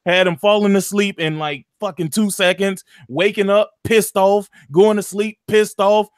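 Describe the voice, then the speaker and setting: A man's voice: sits high, steady tone, unhurried, no room sound, clean studio sound. A man, animatedly retelling a video game story in casual chat, full of slang and profanity. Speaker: gaming podcast co-host.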